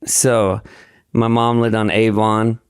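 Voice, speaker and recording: A man's voice: lowish voice, level tone, slow, smooth, no room sound, studio quality. A man telling a long story as a podcast guest in casual chat, rambling and profane, acting out other people's lines. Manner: rambling, profane, acts out dialogue.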